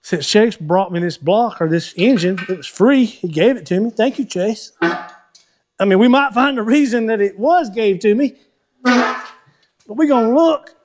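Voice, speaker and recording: A man with a fairly high voice talks casually to his viewers from his car shop. He rambles in a folksy, easygoing way, thinking out loud as he works on an engine. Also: lively intonation, measured pace, faint music behind. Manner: chatty, folksy, thinks out loud while working. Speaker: host of a car-building channel.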